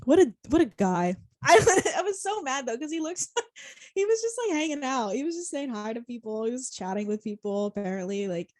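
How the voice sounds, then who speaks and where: A woman's voice: sits high, expressive, normal speed, a little mellow, no room sound. A young woman co-hosting a podcast, telling a story in casual chat, rambling, laughing often and swearing freely. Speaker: podcast co-host.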